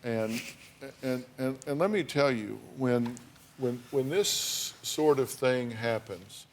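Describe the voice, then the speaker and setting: A man's voice: mid-range voice, takes it slowly, a little hiss or hum. A man hosting a daytime talk show, asking pointed, probing questions of his guests.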